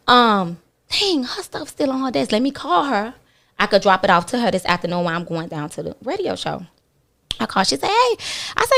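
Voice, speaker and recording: A woman guest on a talk radio show tells a personal story candidly, acting out other people's lines as she goes. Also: mid-range voice. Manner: animated, acts out other people's lines in her retelling; blunt and candid, with casual swearing.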